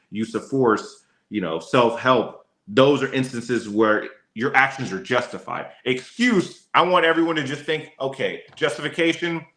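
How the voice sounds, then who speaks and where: Bright-voiced man teaching law casually. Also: mid-range voice, reverberant. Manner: casual, chatty, addresses his co-host by name often. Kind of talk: casual livestream law lesson.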